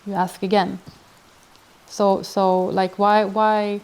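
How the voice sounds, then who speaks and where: A woman's voice: mid-range voice, little pitch movement, slow, long pauses, darkish tone, clean tone. Woman talking through self-help advice. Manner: thoughtful, acts out example dialogues, frequent restarts. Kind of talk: casual advice talk.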